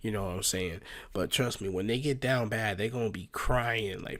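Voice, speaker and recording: A man's voice: fairly low pitch, moderate pace, fairly bright tone. A man hosting a reaction video in casual, slangy commentary, laughing and joking between remarks. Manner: slangy, laughing, joking, says "bro" a lot. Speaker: reaction channel host.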